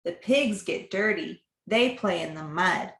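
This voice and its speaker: A woman reading picture books aloud to a child, slow and animated, with animal sounds. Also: on the low side, vocal fry, a little hiss or hum. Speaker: reader to a child. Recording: echoey room.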